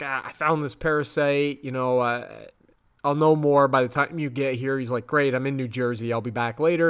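A man co-hosting a podcast, casually recapping a TV episode in an animated way and jumping up high when he is grossed out. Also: clean tone. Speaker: podcast co-host.

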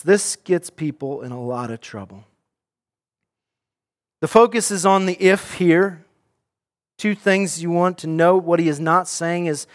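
A male pastor delivers a sermon in a high voice for a man. He speaks earnestly and directly, often repeating a word or restarting a phrase before pressing on. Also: normal speed, a bit bright.

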